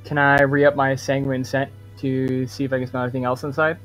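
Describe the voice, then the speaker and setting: Man playing a tabletop game, mid-pitched, tentative, asks a lot of questions. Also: flat delivery, brisk, a bit bright, soft background music. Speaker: player. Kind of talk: casual game talk.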